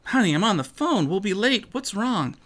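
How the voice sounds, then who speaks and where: A man's voice: high-pitched, sing-song, normal speed, a bit bright, pitched above the performer's own voice, exaggerated voice. A man putting on a busy, worried mom. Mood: concerned. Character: busy, worried mother driving.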